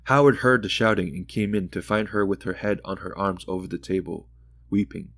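Low-voiced, calm male audiobook narrator. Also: fairly quick, dry recording, clean studio sound.

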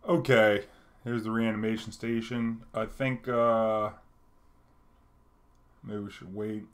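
A man giving casual commentary on his card game match, muttering low remarks and breaking into excitable cheers. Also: slow.

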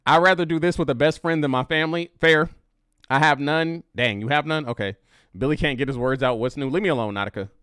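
Guy doing a reaction stream, kinda high voice that swings all over, laughing and talking to chat, dry close sound. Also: no room sound. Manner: animated, laughing, chatting with viewers. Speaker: reaction video host. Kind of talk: casual livestream reaction chat.

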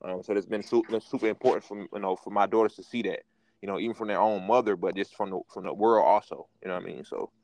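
A man co-hosting a sports podcast, rambling and excitable, full of fillers and restarts. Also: fairly low pitch, fast, rough recording. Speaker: podcast co-host. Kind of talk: casual sports chat.

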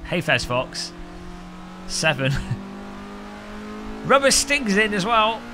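Hoarse, joking man streaming a racing sim. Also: high-pitched, sing-song, extremely slow. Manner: joking, rambling, laughs often. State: hoarse from hours of talking. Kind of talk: live-stream gaming commentary. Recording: game car engine noise behind.

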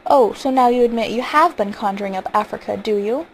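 A woman's voice: a little high, brisk, slight background noise, natural voice, low-quality recording. A woman reading as a brooding, exasperated father. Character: stern worried father of two.

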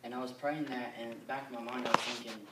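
A young man giving an earnest, halting church testimony full of fillers. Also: mid-range voice, little pitch movement, heavy background noise. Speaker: youth camper giving a testimony. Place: church or camp meeting hall. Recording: echoey hall, mic at a distance.

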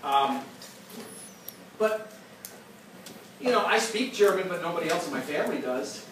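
Lecturing on history in a classroom, an American man shifts into Q&A with his students, telling vivid stories while restarting sentences and repeating their opening words. He speaks at a measured pace in a voice on the high side, heard from afar in an echoey, noisy room.

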